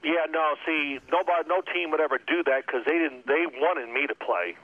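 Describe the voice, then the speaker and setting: A man, a former quarterback, telling animated locker-room stories as a radio interview guest. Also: on the high side, moderate pace. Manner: animated storyteller acting out coaches' shouting. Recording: tinny phone line.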